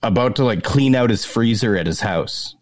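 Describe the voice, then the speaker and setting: A man from Maine telling lively, profanity-laced stories in casual chat. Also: medium pitch, moderate pace, no echo, studio quality. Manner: animated storyteller, swears freely, laughs often.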